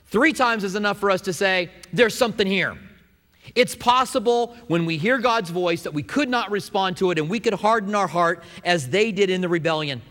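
A man's voice: high-pitched, normal speed, a bit bright, long reverb tail. A man preaching a sermon in a church, earnest and conversational, often restarting his phrases. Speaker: pastor. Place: church sanctuary.

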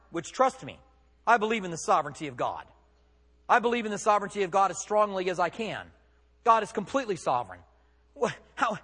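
A man's voice: high voice, fairly bright tone, in a large hall. A man preaching a sermon as pastor, conversational and emphatic, with rhetorical questions.

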